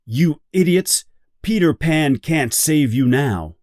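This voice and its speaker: A man's voice: medium pitch, big pitch swings, takes it slowly, darkish tone, no room sound, studio quality. A man voicing a cruel male pirate captain in a storybook reading, threatening and gloating.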